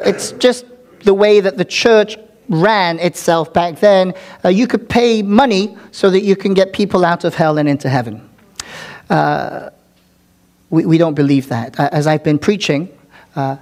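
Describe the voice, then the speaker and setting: Male preacher mid-sermon; unhurried, emphatic, repeats key words, hushes for effect. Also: sits high. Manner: dramatic preaching, drops to whispers for emphasis; repeats words for emphasis, occasional filler ums. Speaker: pastor.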